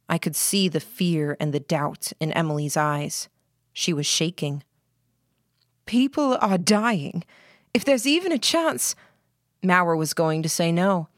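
A woman narrates a first-person story in a low, steady voice, measured and reflective. The reading is dry and close, with no room sound around it. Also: no echo. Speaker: audiobook narrator.

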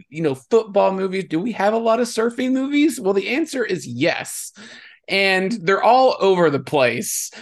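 A man hosting a podcast in casual chat, upbeat and jokey, laughing often. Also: high-pitched. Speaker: podcast host. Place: Texas.

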